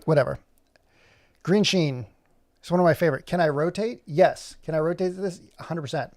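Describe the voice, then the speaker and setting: This animation tutorial comes with running commentary from a middle-aged man whose voice is fairly high and a bit mellow, delivered at normal speed. He keeps up a chatty, self-mocking patter and mutters to himself as he works.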